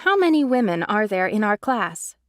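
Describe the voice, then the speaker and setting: A woman's voice: mid-range voice, big pitch swings, normal speed, no room sound, studio quality, lightly acted. A woman voicing a teasing young woman recruit.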